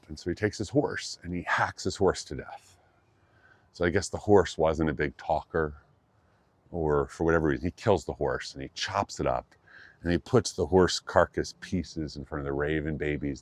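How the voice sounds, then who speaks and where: A man's voice: a bass voice, slightly rough, dry recording. A man, a qigong teacher, telling a fairy tale loosely and jokingly, with lots of fillers. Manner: rambling, jokey, many fillers. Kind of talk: loose casual storytelling.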